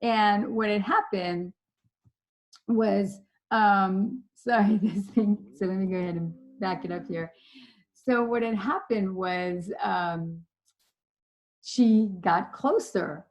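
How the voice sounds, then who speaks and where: A woman presenting a leadership lesson from her slides. She tells her stories in a chatty, animated way, her voice at an ordinary middle pitch. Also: slow pace, rough recording. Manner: storytelling, chatty, animated retelling. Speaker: leadership trainer.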